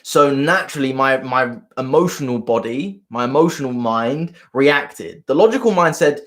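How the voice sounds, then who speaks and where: A man's voice: mid-range voice, expressive, a little fast. A man coaching viewers on a live stream, earnest and rambling, often repeating himself. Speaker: self-help coach.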